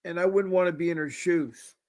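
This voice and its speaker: A man with a notably high-pitched voice hosts a call-in show. His talk is loose and folksy, and he drifts between points and repeats himself. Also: fairly even intonation, fairly quick, a little mellow. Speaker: show host.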